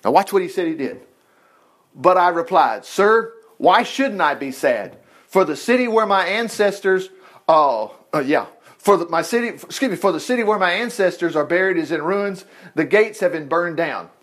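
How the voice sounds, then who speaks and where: Male preacher, conversational sermon, folksy and chatty, high voice with lively swings. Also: moderate pace. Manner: folksy, animated, self-interrupting, acting out scripture dialogue.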